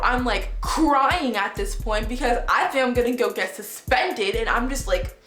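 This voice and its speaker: A woman's voice: a little high, lively intonation, a little slow, hardly any pauses, fairly bright tone. A woman vlogger telling a story in a casual, dramatic way, swearing freely. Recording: echoey room, faint music.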